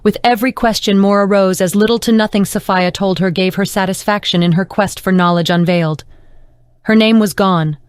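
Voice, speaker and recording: Woman audiobook narrator, measured and even; smooth, dry studio read. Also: medium pitch, dry recording.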